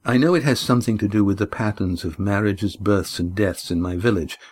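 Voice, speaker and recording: A man's voice: lowish voice, fairly quick, darkish tone, slightly rough. A man voicing a defiant, impatient young man in an audiobook, speaking earnestly and insistently.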